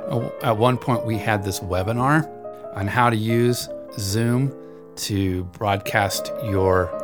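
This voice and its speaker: A man casually recounts a story from his work presenting webinars, chatty and loose, with plenty of "uh" and "like" and little laughs along the way. Music plays clearly beneath his voice. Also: lowish voice. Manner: chatty, with fillers and chuckles. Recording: voice over clear background music.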